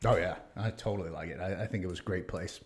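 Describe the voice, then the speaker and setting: A man's voice: low-pitched, fast talker. A middle-aged American man telling stories in a casual podcast chat, acting out what others said and laughing often. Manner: animated storyteller, acts out quoted voices, laughs often. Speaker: podcast guest.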